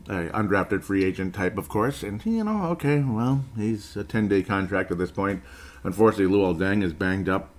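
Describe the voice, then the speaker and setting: A man in his forties hosting a basketball show, ranting sarcastically about a game in casual commentary. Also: deep voice. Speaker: basketball podcast host.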